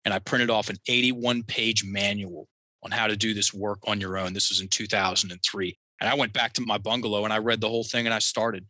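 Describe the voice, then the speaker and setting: A man with a very bright, forceful voice tells a personal story as a podcast guest. He is animated and acts out the voices of the people in his story, recorded dry and close. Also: on the low side, brisk, no echo. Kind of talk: storytelling in a conversational interview.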